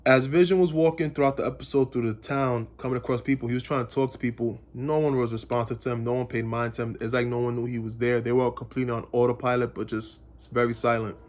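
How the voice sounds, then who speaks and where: Male, medium pitch, loose speculative fan recap with lots of repetition. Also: fairly even intonation, quick pace, few pauses, darkish tone. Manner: rambling, speculative, repeats phrases. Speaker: comics channel host. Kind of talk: casual episode recap and theorizing.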